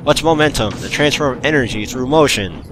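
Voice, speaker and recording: A man's voice: mid-range voice, animated, brisk, noisy background. A man giving uncut gameplay commentary, ranting and grumbling at the game he is playing. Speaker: gaming channel host.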